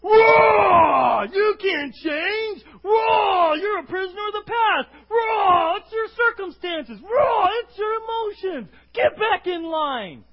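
A male preacher acting out a taunting giant who shouts jeering insults at the listener. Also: very high voice, expressive, slow, hardly any pauses, noisy background, voice pushed up, exaggerated voice. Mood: roaring taunts. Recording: dull lo-fi recording.

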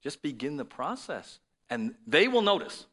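A man's voice: fairly high pitch, big pitch swings, normal speed, sharp tone. A man preaching a sermon to his congregation, in a conversational style with frequent "right?" asides. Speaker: pastor.

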